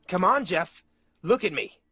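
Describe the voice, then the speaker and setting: A man voicing a taunting teenage male bully with a New York accent, shouting and goading. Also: mid-range voice, fairly even intonation, moderate pace, dry recording, lightly acted.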